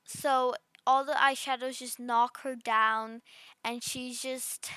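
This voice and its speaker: A woman's voice: on the high side, little pitch movement, takes it slowly, bright, forceful tone, clean tone, dry recording. A woman voicing a rude, bratty girl under ten who rambles smugly through her story with constant fillers. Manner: smug, gleeful. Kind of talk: voice role-play storytime.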